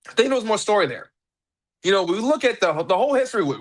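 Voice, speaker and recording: A young man with a high-pitched voice hosts a casual wrestling podcast. He talks excitably into a podcast mic, repeats himself and laughs a lot. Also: quick pace. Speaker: podcast host.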